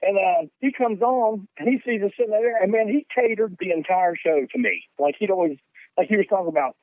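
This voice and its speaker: Southern guy on a phone line, kinda high voice, swears a lot, laughs thru his stories. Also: brisk, no echo. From North Carolina. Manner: animated, profane, laughs mid-story. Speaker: guest. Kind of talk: casual storytelling. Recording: tinny phone line, dry.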